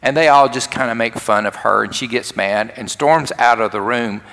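A man's voice: medium pitch, normal speed, bright, forceful tone. A man preaching a sermon and retelling a story, acting out the characters' lines. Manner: storytelling, acts out quoted lines. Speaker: pastor. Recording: long hall reverb.

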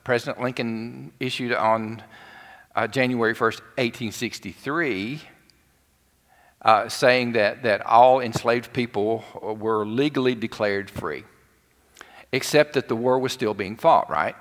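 A man preaching a conversational sermon as pastor, filling pauses and asking rhetorical questions, recorded live in a church sanctuary. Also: medium pitch, fairly bright tone. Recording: live church broadcast with long reverb.

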